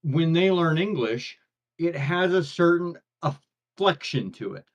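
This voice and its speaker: A rambling American man co-hosting a livestream, his voice sitting a little high. He stumbles through restarts and fillers, and the audio sounds dull and lo-fi. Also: lively intonation, unhurried. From United States. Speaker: co-host of a blacksmithing livestream. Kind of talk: casual chat.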